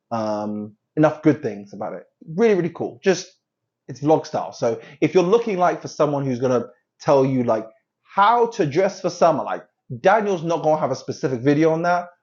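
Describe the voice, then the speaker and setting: Lively-voiced rambling man, lo-fi sound. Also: medium pitch. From London. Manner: rambling, self-joking, trails off and restarts. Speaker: host. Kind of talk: casual commentary.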